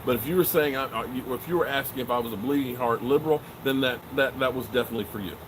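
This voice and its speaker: Talking quickly at medium pitch against a noisy background, a middle-aged sports show host fields live chat messages. He's loose and jokey, animated, and often swears or lets sentences trail off.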